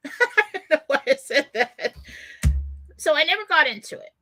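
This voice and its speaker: A woman's voice: high-pitched, lively intonation, a little slow, bright, forceful tone, soft background music. A woman radio host telling a personal story in a casual way, with many fillers and frequent laughs.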